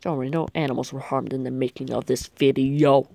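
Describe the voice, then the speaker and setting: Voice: mid-range voice, steady tone, brisk, vocal fry, warm tone, dry recording. A young gaming video creator giving rambling, jokey gameplay commentary.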